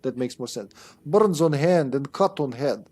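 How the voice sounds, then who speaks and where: A man putting on a gruff Russian-accented orderly. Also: medium pitch, animated, measured pace, a little mellow. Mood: deadpan. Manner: broken English, drops articles.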